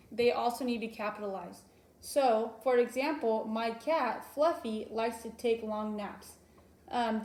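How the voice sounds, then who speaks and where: A woman's voice: on the high side, a little mellow. A young woman teacher giving a recorded lesson to young children, explaining patiently with frequent ums. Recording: roomy echo.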